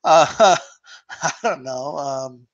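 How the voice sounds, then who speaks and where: A man's voice: on the high side, drawn-out words, dull audio. A man hosting a casual boxing talk stream, reading viewer questions aloud, laughing often and talking in slang with casual swearing.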